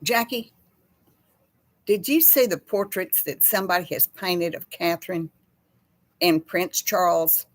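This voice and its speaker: A middle-aged woman speaks in a lowish voice, a little slowly and with long pauses, and there's no room sound. She hosts a casual livestream chat, rambling across topics, calling out viewers by name, and laughing easily as she chats.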